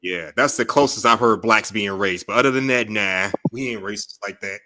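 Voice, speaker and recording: Chicago guy, low but sharp bright voice, earnest opinions, dry mic. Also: a little fast, dry recording. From Chicago, Illinois. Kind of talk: casual group chat.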